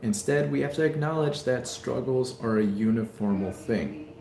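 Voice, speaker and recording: A man's voice: medium pitch, moderate pace, vocal fry, a little mellow, echoey room. A man streaming from a hospital room, giving a rambling, heartfelt talk with many fillers. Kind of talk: casual live stream chat.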